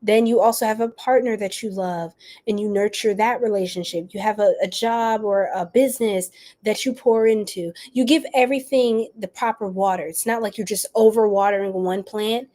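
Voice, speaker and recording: A woman's voice: mid-range voice, normal speed, warm tone. A woman giving a casual live-stream tarot reading, bubbly and slangy, laughing often and chatting with her viewers. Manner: bubbly, giggly, slangy, talks to chat. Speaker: tarot reader.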